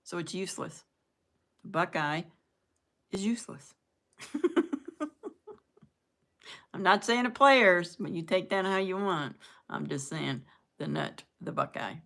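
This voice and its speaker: A woman's voice: lowish voice, slow, creaky, pauses often, fairly bright tone. An older woman rambling in casual chat with her viewers, laughing at her own jokes as she goes. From southern United States. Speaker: live-stream host chatting with viewers.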